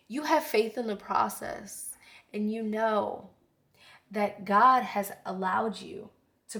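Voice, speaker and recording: A woman's voice: medium pitch, creaky. Effusive woman giving a tarot reading. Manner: earnest, effusive, chatty, with soft whispered asides. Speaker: tarot reader. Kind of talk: casual spiritual tarot reading.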